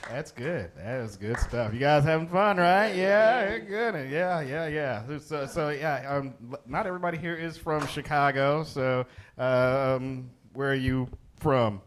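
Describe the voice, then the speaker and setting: A man's voice: a little high, a little slow, hardly any pauses. A male host of a comedy show, doing loose, chatty crowd work between acts on a club stage.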